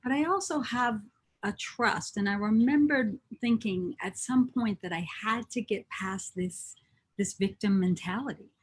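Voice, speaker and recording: A woman's voice: mid-range voice, unhurried, breathy edge. A woman from New Jersey, an interview guest, telling her life story in an earnest, reflective way. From New Jersey, USA. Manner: reflective, earnest, with frequent restarts. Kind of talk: conversational storytelling.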